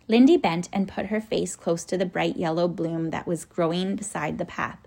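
A woman narrating a children's storybook in a soft, even, descriptive manner. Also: lowish voice, normal speed, vocal fry, few pauses. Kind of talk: audiobook storytelling.

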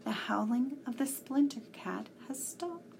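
A woman voicing a cautious male professor in whispered role-play, hushed and urgent. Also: high-pitched, animated, a little slow, creaky, a little hiss or hum, voice pushed up, full character voice.

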